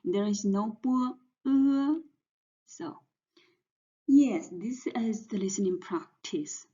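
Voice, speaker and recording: A woman teaching pinyin in a slow lesson, saying each syllable several times over. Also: mid-range voice, warm tone, slightly rough. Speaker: Chinese teacher. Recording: dull lo-fi sound.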